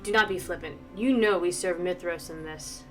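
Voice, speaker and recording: Stern cold knight, voiced by a woman, calm level commands, quiet menace. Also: fairly low pitch, normal speed, faint music behind, close to an everyday voice. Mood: cold commanding.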